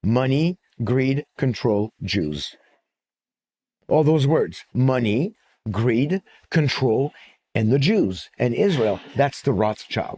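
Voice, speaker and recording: A man speaking at a church conference in an animated, joking lecture style with frequent fillers. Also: medium pitch, slow pace, a little hiss or hum. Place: church auditorium. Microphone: stand-mounted microphone.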